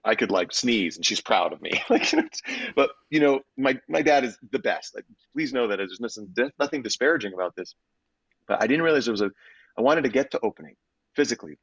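A man, an actor and guest in an interview, telling stories in an animated and expressive way with frequent restarts. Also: fairly low pitch, creaky, husky, no echo. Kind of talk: conversational interview storytelling. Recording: slightly dull, dry audio.

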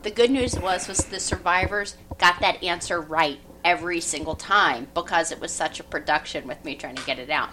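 A woman hosting a casual group chat, animated and laughing at her own mispronunciations. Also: lowish voice, moderate pace, few pauses, a little hiss or hum. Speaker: podcast host.

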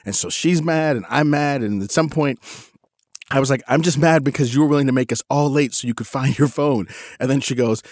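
A man's voice: a little fast, no echo, clean studio sound. A man in his forties telling a casual story about his teenagers, acting out the quotes with sudden leaps in his voice. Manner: animated, acts out quotes with big pitch jumps. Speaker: podcast co-host.

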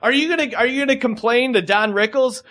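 A man's voice: very high voice, fast, bright, forceful tone. A man hosting a podcast, ranting in casual chat with sarcastic asides. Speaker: podcast host.

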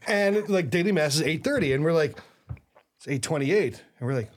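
A man's voice: a little high, lively intonation, a little fast. A man, a priest co-hosting a podcast, teasing his friend in casual chat. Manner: teasing, dry interjections.

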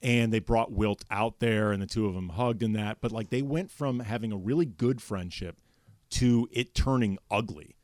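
A man's voice: lowish voice, normal speed, no echo, clean studio sound. A man co-hosting a podcast, telling sports stories in a joking way. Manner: lively, storytelling, joking. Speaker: podcast co-host. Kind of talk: casual sports chat.

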